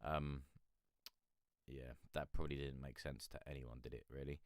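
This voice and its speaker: A man's voice: a bass voice, little pitch movement, moderate pace, dry recording, clean studio sound. A man hosting a live music-review stream, rambling and hesitant as he gives casual feedback, sleepy and yawning, swearing now and then. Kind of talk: casual livestream commentary.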